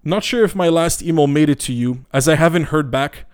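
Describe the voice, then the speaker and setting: A male podcaster ranting into his mic in a blunt, profane, rambling way, stumbling over restarts. His voice is smooth and resonant and sits slightly high for a man. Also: fairly quick, darkish tone. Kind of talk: casual ranting monologue. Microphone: podcast microphone.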